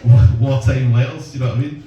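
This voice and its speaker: A man's voice: mid-range voice, fairly even intonation, fairly quick, dull audio, music in the background. A Scottish man doing a crude, self-deprecating stand-up set in a comedy club, bantering with the crowd. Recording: echoey club from far off, loud noise.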